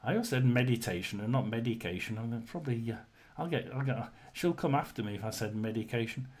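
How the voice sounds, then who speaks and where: A man hosting a casual live chat, rambling and hesitant, often clearing his throat and telling jokes to his viewers. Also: medium pitch, expressive, quick pace, a little mellow. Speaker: host of a live tarot chat stream.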